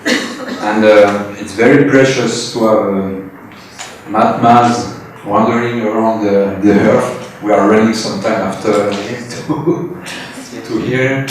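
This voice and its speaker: Slow, flat-voiced man in an echoey hall. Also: fairly low pitch. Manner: hesitant, laughing often. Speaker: devotee giving thanks. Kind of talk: heartfelt thanks. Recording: echoey hall, distant mic, faint noise.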